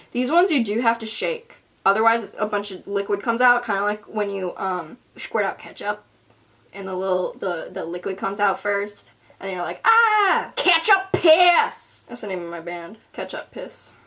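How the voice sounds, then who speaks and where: A woman's voice: medium pitch, a bit bright. A young woman talks her way through a makeup tutorial at home, loose and rambling, dropping swear words and jokes at her own expense. Her voice sits mid-range and her delivery has the unscripted feel of a casual bedroom vlog. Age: young adult. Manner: rambling, profane, self-mocking. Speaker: beauty vlogger.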